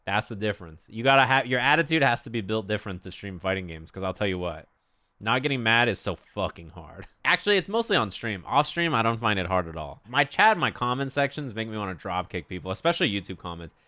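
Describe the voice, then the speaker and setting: A man's voice: fairly low pitch, very animated, fast, sharp tone. A man streaming, chatting casually and animatedly, swearing freely and acting out quotes.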